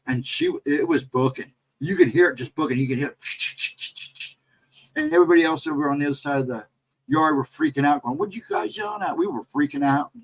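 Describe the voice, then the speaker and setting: A middle-aged American man hosting a casual livestream, telling a story in a rambling, animated way and reading out chat messages. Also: on the high side, rough recording. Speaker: livestream host.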